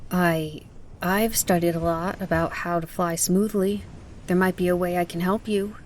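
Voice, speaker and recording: A woman's voice: fairly low pitch, fairly even intonation, moderate pace, a little hiss or hum, close to an everyday voice. A woman voicing a shy, earnest teenage boy in an audiobook, speaking hesitantly. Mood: sheepish. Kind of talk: audiobook character voice.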